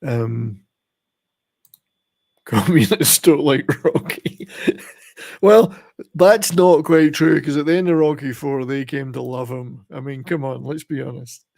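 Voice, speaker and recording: A man's voice: mid-range voice, gravelly, a little mellow. An older man hosting a casual live stream, rambling and chatty, laughing at his own jokes. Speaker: channel host.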